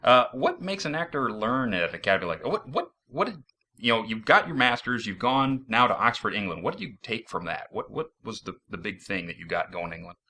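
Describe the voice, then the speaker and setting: Lively, bright-voiced man hosting. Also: on the low side, a little fast. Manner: upbeat, joking, enthusiastic. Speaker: host. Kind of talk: casual podcast interview. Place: San Jose, California.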